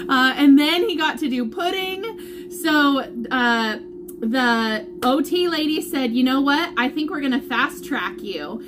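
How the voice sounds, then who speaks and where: A woman talks casually to the people who follow her. Her voice sits high and her delivery is slow and unhurried. She laughs often and sometimes sounds close to tears. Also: animated, background noise. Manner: emotional, laughing and near tears while recounting. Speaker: vlogger updating viewers.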